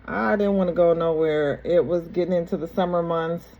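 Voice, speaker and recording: A young adult woman tells her viewers her own story to camera, casual and rambling, repeating herself and restarting sentences. Her voice is lowish with fairly even intonation at normal speed, and the audio sounds dull.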